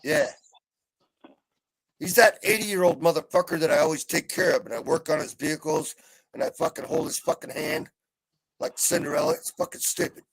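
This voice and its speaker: A middle-aged man on a live video call, venting in a heavily profane rant that swings between calm and yelling. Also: fairly high pitch, moderate pace, husky, dry recording. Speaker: panel guest. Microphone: video call mic.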